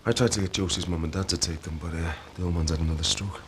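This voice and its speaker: A man's voice: sits low, fairly even intonation, fast talker, background noise, lightly acted. An actor playing a worried single father who is talking his problems through. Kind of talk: TV soap acting.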